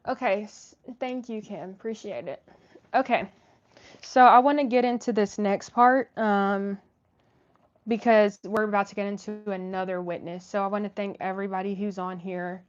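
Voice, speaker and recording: A woman's voice: medium pitch, fairly even intonation, moderate pace, dull audio. A woman hosting a live stream, chatting casually with viewers and reading their messages, with many fillers and restarts. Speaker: livestream host reading chat.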